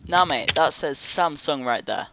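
A young man doing excitable, casual commentary over a game he plays. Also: a little high, unhurried, noisy background. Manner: excitable, yelps and laughs at the game. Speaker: gaming YouTuber.

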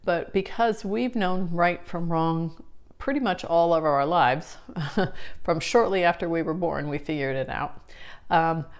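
A woman's voice: lowish voice, unhurried. A woman explaining scripture in a casual teaching talk, chatty and full of fillers and restarts. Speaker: Bible study teacher.

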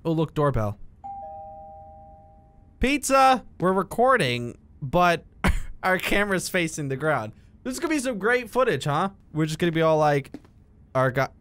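Animated young man narrating a game. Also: a little high, normal speed, clear, resonant tone, no echo. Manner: jokey, talks to himself, bursts into yelps and shouts at the game. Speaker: gaming video creator. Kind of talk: let's-play commentary.

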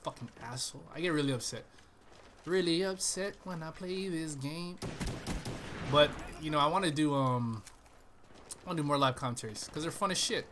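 A man's voice: a little high, normal speed, long pauses, background noise. A man giving profane, trash-talking live commentary over a shooter game he is playing. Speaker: gaming channel host.

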